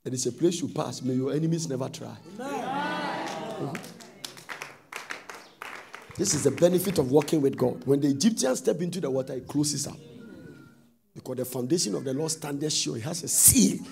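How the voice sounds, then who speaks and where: A man preaching a sermon, telling stories and rising into sudden loud sung-out phrases. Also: fairly high pitch, animated, moderate pace, vocal fry, long pauses, noisy background.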